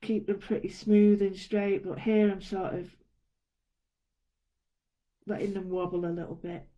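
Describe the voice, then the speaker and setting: Soft-spoken woman narrating her drawing. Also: mid-range voice, fairly even intonation, a little slow, highs cut off. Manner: chatty, narrates her own steps as she draws. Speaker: art tutor. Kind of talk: casual drawing tutorial.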